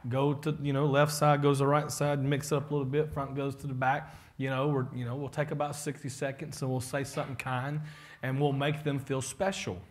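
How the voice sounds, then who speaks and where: A man's voice: mid-range voice, level tone, brisk, a little hiss or hum. A man, a pastor giving a casual, joking leadership talk to his congregation and acting out the people he quotes.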